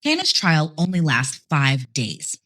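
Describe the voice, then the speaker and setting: A woman giving scripted true-crime narration in a steady storytelling manner. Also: deep voice, a little slow.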